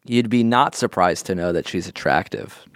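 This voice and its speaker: A man's voice: low-pitched, normal speed, dry recording, clean studio sound. A man hosting a comedy podcast, joking and laughing as he chats and reads a listener's letter aloud. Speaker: podcast host. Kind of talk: casual chat, reading a listener letter.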